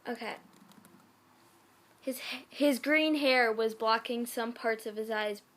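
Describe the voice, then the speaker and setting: A woman's voice: fairly high pitch, takes it slowly, a bit bright. A woman reading fan fiction aloud in a casual way, often breaking off to giggle and comment on the text. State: sick.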